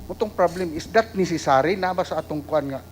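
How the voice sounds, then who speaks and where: Filipino male councilor, questioning and halting, voice on the high side. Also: slight background noise, poor audio. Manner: halting, questioning, with many fillers. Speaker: city councilor.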